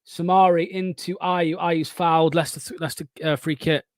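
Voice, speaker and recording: Excitable sweary fan commentator. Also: male voice, fairly high pitch, brisk, no room sound. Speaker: host of a fan watchalong stream. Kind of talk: live fan match commentary.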